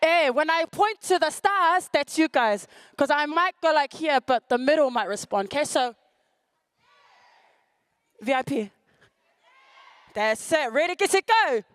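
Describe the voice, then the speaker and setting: Festival MC, woman from the Cook Islands, high voice, dry close sound, lively and commanding with a crowd. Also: measured pace, pauses often, no room sound. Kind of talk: live crowd call-and-response. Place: outdoor festival stage.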